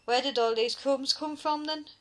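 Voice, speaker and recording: A moody, bossy girl who leads a rival secret club, sneering and accusing, from a storybook reading, as a woman reading aloud puts her on. The pitch runs slightly high. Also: steady tone, moderate pace, a bit bright.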